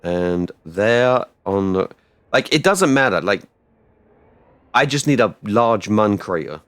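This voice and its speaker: A man streaming a game live, rambling casually and bursting out loudly when things go right. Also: on the low side, slow, no room sound. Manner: rambling and excitable, with loud outbursts. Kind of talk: casual live-stream chat while gaming.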